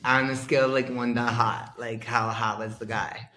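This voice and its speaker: A man's voice: mid-range voice, flat delivery, pushed and bright, a little hiss or hum. Supportive young man, echoey room. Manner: supportive, quick interjections. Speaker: podcast co-host. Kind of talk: casual chat.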